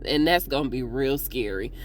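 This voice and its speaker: A woman hosting a casual TV episode recap, chatting to viewers in a slangy, animated way. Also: extremely low pitch, moderate pace, slight background noise. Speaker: TV recap host.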